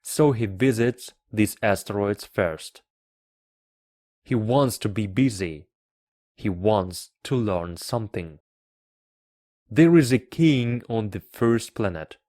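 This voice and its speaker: A man teaching English by reading a children's book aloud, carefully and deliberately. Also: fairly low pitch, lively intonation, dark tone, no room sound, studio quality. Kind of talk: slow read-aloud for learners.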